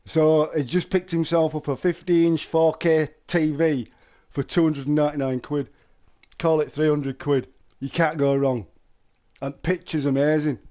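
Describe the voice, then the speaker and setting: A man's voice: fairly high pitch, level tone, normal speed, warm tone. A middle-aged man, chatting casually to viewers on a live stream and telling stories. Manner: chatty, storytelling, calls listeners mate.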